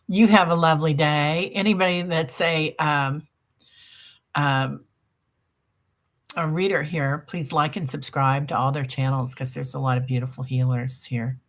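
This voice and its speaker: Woman, extremely low voice, meditation host, rambling chatty sign-off, greets viewers by name. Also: steady tone, unhurried. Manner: chatty, warm-hearted, reads viewer comments aloud; rambling with many fillers and self-corrections. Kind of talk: casual livestream sign-off chat.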